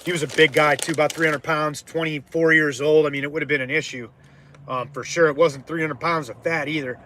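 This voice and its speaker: A man hosting a casual live stream as an artist, rambling with lots of fillers and restarts, loud by his own account. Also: fairly high pitch, steady tone, brisk, slight background noise. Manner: loud-mouthed, self-described.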